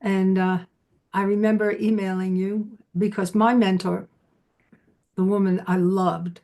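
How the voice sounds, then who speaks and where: A middle-aged woman hosting an interview, speaking conversationally with affirming asides and pauses. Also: on the low side, mellow. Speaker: podcast host.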